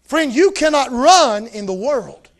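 A man preaching a fiery revival sermon in a folksy style, shouting often. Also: very high-pitched, sing-song, a little slow. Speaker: visiting preacher.

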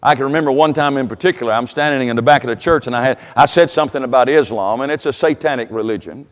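A man preaching a sermon as pastor, telling folksy stories and rising to loud, emphatic preaching. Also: mid-range voice, fast talker, long reverb tail. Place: church sanctuary.

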